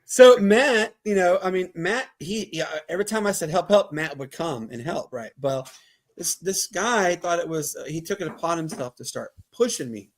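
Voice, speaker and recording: A man from Mobile, Alabama with a Southern accent, hosting a casual sports podcast and telling stories in an animated way, laughing often. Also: fairly high pitch. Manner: animated, laughing, quick asides. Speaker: podcast host. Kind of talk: casual chat, storytelling.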